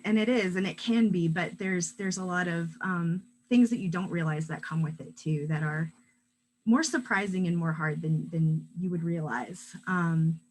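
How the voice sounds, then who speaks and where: A woman with a scratchy voice from a recent illness, telling a personal story in a wry, chatty way. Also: lowish voice. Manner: wry, chatty, with frequent fillers. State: hoarse from illness.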